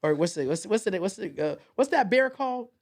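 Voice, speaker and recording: A man's voice: sits high, lively intonation, a little fast. A man being interviewed as a podcast guest, telling a story in a rambling way, with many repeated fillers and restarts.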